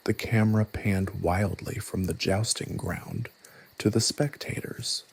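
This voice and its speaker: Gravelly, husky male storyteller. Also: on the low side, steady tone, measured pace. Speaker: narrator. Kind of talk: scripted storytelling narration.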